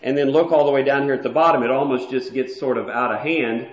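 A man's voice: medium pitch, steady tone, fast talker. A man preaching an explanatory morning lesson in a church hall, walking listeners through a chart in a plain, teacherly way. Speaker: preacher teaching a Bible class. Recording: echoey, dull lo-fi room recording.

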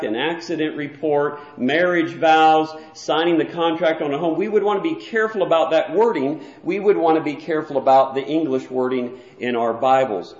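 A man's voice: on the high side, darkish tone. A man preaching an explanatory morning lesson in a church hall, walking listeners through a chart in a plain, teacherly way. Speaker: preacher teaching a Bible class. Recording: echoey, dull lo-fi room recording.

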